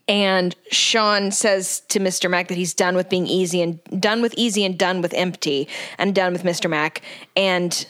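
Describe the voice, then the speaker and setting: A woman's voice: fairly low pitch, fairly bright tone. A woman in casual podcast chat, dissecting a show's plot beat by beat. Her tone is wry and analytical, and she laughs easily as she goes. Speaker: podcast co-host.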